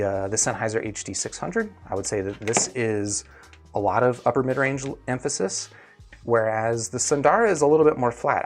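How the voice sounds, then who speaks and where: Rambling low-voiced man reviewing gear. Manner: rambling, many fillers and restarts. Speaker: headphone reviewer. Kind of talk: casual spoken review.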